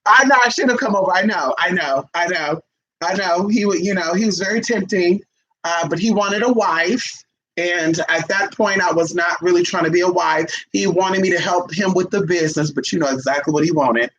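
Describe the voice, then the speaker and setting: Lo-fi sound with slight background noise carries a woman's fairly low voice at a moderate pace. She's a vlogger telling stories casually, brash and sassy, calling her audience honey and jumping with animation into the voices of people she quotes.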